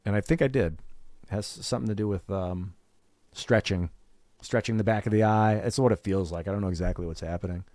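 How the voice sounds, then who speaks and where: A man talking off the cuff on his gaming stream, his voice sitting on the lower side. He rambles candidly, curses freely and slips into little impressions of other people. The sound is dry and close, with no room around it. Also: brisk, darkish tone, no echo. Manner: candid, swears freely, acts out what others said. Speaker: streamer hosting a gaming show. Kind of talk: casual rambling chat.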